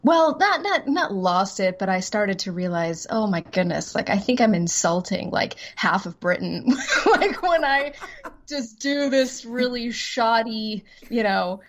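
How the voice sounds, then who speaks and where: A woman's voice: a little high, animated, unhurried, slight background noise. A woman voice-over actress chatting as an interview guest, rambling and self-deprecating, laughing easily. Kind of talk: casual interview chat.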